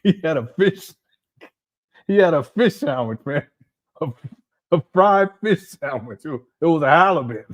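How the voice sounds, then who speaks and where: A man's voice: fairly high pitch, lively intonation, normal speed, pauses often. A man hosting a casual commentary video, laughing and making mocking asides. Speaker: commentary host.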